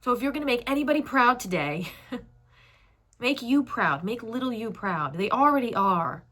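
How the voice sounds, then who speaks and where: A young woman reading oracle cards, speaking softly and affectionately to the viewer with emotional encouragement. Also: on the high side, expressive, normal speed. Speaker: tarot reader. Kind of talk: channeled oracle message to viewer.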